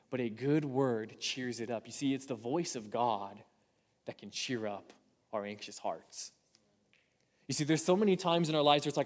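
A man's voice: medium pitch, darkish tone, in a large hall. A young man preaching a personal sermon, earnest and confessional. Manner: earnest, personal, rises to impassioned pleading. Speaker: pastor.

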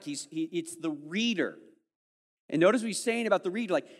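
Animated preacher man in a reverberant hall. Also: fairly high pitch, fairly quick. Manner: animated, acts out listeners' voices, swings from loud to hushed. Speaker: pastor. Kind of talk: sermon.

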